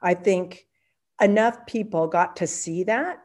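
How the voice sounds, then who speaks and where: A middle-aged woman with a lowish voice answers a podcast question. She is animated and reflective, and she laughs lightly between thoughts. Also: takes it slowly. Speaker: podcast guest, permaculture teacher. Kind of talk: casual interview answer.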